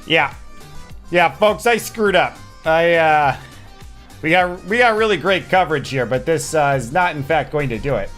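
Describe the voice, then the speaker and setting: A man's voice: fairly high pitch, normal speed, a bit bright, faint music behind. A man from Wisconsin streaming a game with casual commentary, chatty and self-deprecating as he thinks aloud.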